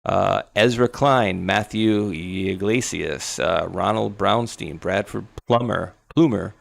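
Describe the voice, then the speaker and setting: Man, rambling talk-show co-host, sarcastic asides, low gravelly voice. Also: slow, no room sound, studio quality. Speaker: podcast co-host. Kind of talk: casual political chat.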